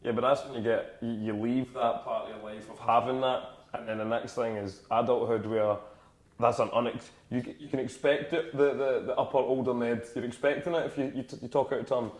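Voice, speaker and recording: A man co-hosting a podcast, rambling through his points with plenty of swearing. His voice sits at a middling pitch and carries a clear echo from the room. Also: fairly even intonation, fairly quick. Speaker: podcast co-host. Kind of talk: casual chat. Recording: echoey room.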